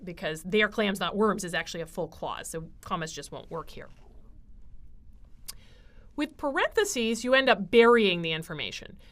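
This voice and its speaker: A woman lectures on writing in a lively, rising-and-falling voice. She works through each point step by step, filling pauses with ums and uhs as she teaches. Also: fairly low pitch. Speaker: writing instructor. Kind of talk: recorded grammar lecture.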